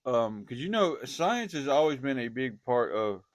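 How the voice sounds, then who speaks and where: A man talks straight to his online viewers in a loose, preachy monologue. He gets animated and circles back on his own words. His voice sits at an ordinary pitch and the recording is dry, with no room echo. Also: unhurried.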